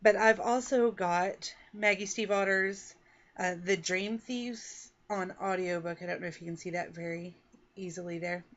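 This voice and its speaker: A woman's voice: mid-range voice, fairly even intonation, normal speed, dull audio. A woman from Texas and Oklahoma, an author chatting casually to the camera about her reading and writing goals in a rambling, self-deprecating way. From Texas and Oklahoma, USA. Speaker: author and book vlogger.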